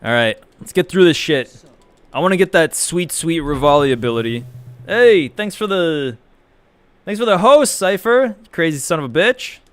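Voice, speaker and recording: A man streams a video game, reading his viewers' messages and answering them in a rambling, casual chat laced with swearing. His voice is a little high, lively in intonation and fairly bright, with a clear, resonant tone at normal speed and no room sound.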